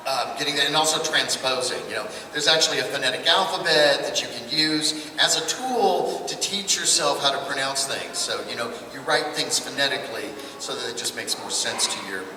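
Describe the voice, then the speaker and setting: A man's voice: medium pitch, background noise. A middle-aged man, a voice actor, chatting animatedly and laughing often as he answers questions at a convention panel. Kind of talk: casual convention Q&A. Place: large convention hall. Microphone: far camera in audience. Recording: echoey hall, from far off.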